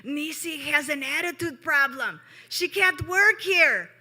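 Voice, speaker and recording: A woman voicing a loud, bossy older woman who runs a restaurant, with a raspy smoker's voice and barked orders. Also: high voice, lively intonation, measured pace, in a large hall, voice pushed up, full character voice. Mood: scolding. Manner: barking, yelling orders.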